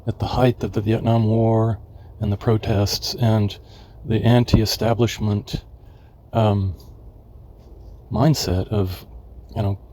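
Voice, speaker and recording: Man, 70s, from California. Unhurried, halting memoir narration in a slightly low voice. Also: little pitch movement, mellow. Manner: rambling and halting, searching for names.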